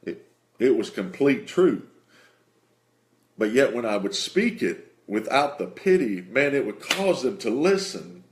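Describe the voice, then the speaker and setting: A man's voice: medium pitch, very animated, a little slow, slight background noise. A man, a Christian minister, earnestly telling a personal faith story in a casual, conversational way.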